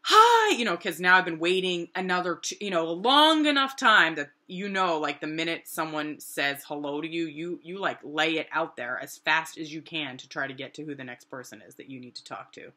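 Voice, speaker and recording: Bright, animated New woman storyteller. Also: fairly quick, few pauses. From New Hampshire, USA. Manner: animated, acts out quoted voices with big pitch jumps. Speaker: artist telling her story. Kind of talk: casual storytelling.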